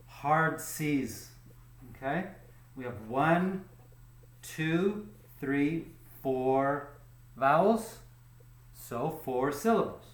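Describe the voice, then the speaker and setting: Male teacher, slightly high voice, slow and patient, recorded in an echoey room. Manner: slow, patient, repeats and checks with "okay?". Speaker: English teacher. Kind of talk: recorded pronunciation lesson.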